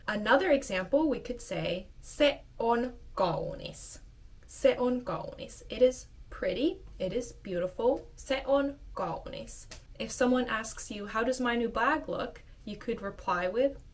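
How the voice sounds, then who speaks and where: A woman's voice: mid-range voice, expressive, distant mic. A woman teaching a casual video lesson, repeating short phrases patiently. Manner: slow, repeats phrases over and over. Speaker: language teacher.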